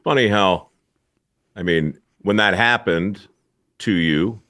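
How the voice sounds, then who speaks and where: A man speaking as a podcast guest in a measured, reflective way. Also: low-pitched, pushed and bright, dry recording, studio quality. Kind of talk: casual conversation.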